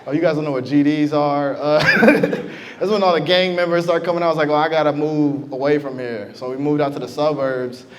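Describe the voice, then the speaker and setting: A man's voice: on the high side, brisk, a bit bright, big-room sound. A young adult man doing a stand-up comedy set, chatting and teasing the crowd from a club stage. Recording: live club recording with audible crowd noise.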